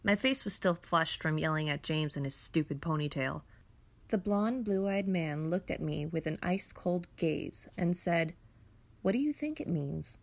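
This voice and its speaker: A woman's voice: deep voice, a little slow, creaky. A woman narrating a first-person story in a somber, reflective way.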